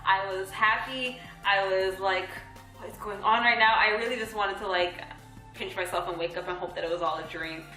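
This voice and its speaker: A young woman in her twenties chats to the camera with a bright, lively voice, laughing often and acting out the lines of others as she tells a story. The room is echoey and faint music plays underneath. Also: mid-range voice, normal speed. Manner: bubbly, laughs often, acts out quoted dialogue. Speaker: vlog co-host.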